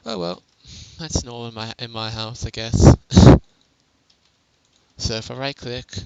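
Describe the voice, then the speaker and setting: A man with a quiet voice talking through a casual game tutorial on a headset mic, chatty and self-mocking, laughing often. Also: mid-range voice, level tone, measured pace, clear, resonant tone, no room sound, muffled recording. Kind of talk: casual gameplay tutorial commentary.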